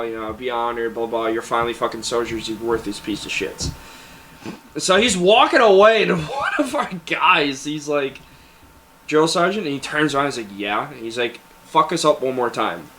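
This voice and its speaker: Bright-voiced young man telling army stories. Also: medium pitch, moderate pace, slight background noise. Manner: laughing, animated anecdote telling. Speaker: guest. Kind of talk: casual storytelling.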